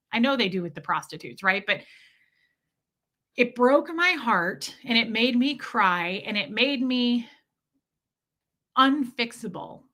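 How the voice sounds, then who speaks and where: A woman frankly telling a painful personal story, uneasy and halting at times, with some swearing. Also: a little high, bright, forceful tone. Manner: uneasy, halting and self-correcting.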